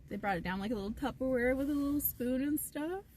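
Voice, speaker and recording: A woman's voice: high voice, quick pace, darkish tone, distant mic, slight background noise. A woman live streaming from inside a parked car, chatting casually and rambling with lots of "like". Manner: chatty and rambling, heavy use of "like".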